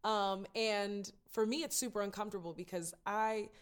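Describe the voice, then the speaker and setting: A woman's voice: mid-range voice, steady tone, moderate pace, clean tone. A woman talking candidly and emotionally in a casual conversation, laughing and tearing up easily as she opens up.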